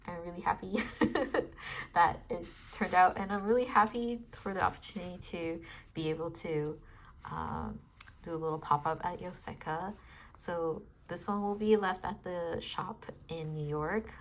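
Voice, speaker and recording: A woman artist chatting casually about her design process, soft-spoken and hesitant, with many fillers. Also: low-pitched. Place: home in Los Angeles.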